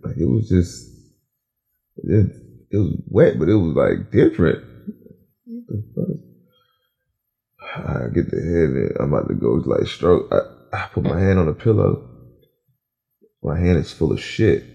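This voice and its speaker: A man hosting a podcast, telling a profane story in an animated, casual way. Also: sits low, moderate pace, creaky, pauses often, lo-fi sound. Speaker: podcast host.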